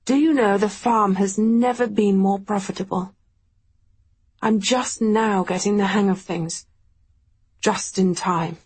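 A woman voicing a gentle, charming man who is dying, speaking weakly and softly with a teasing warmth. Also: medium pitch, fairly even intonation, measured pace, husky. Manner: weak, soft, teasing.

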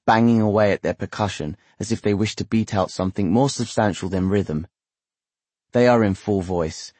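A man narrating a literary novel in a measured, steady, wry manner. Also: on the low side, breathy edge, no echo. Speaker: audiobook narrator.

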